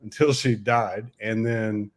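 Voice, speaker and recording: A man's voice: on the low side, fairly even intonation, slow pace. A man in his sixties hosting a casual livestream chat, a chatty storyteller with a wry, joking manner. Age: 60s.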